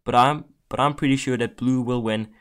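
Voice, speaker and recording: A man's voice: medium pitch, steady tone, fairly quick, clean tone. Exasperated young man pleading at a screen. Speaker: streamer. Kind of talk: casual gambling commentary.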